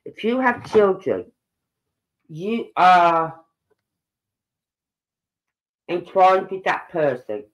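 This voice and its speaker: A woman's voice: lowish voice, very animated, extremely slow, long pauses, reverberant, rough recording. A woman in her fifties giving opinionated, indignant commentary on a live stream, talking straight to her viewers. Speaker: true-crime live streamer.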